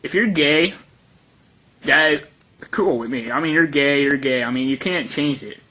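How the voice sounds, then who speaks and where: A man's voice: fairly high pitch, moderate pace, pushed and bright. A young man in a played clip of his own rant video, rambling crudely and offhand.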